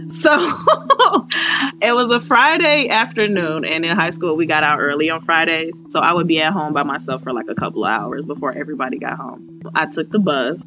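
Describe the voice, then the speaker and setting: A woman's voice: low voice, lively intonation, normal speed. A young woman in her twenties from Chicago, candidly telling her own story, with lots of fillers, acting out her past thoughts aloud. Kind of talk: personal storytelling. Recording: slightly muffled, faint music behind.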